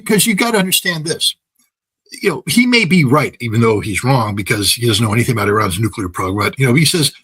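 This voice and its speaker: A husky-voiced man, appearing as an interview guest and political commentator, gives emphatic commentary in a mid-range voice that sounds pushed and bright. He repeats phrases for effect and uses lots of filler words. His style is folksy, full of everyday examples, and he laughs at his own points.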